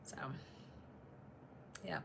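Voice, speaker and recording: A woman's voice: extremely slow, heavy background noise. A woman chatting on a live stream from home, reading comments and laughing often while she talks about her dogs. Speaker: channel host reading live chat. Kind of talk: casual live-stream chat.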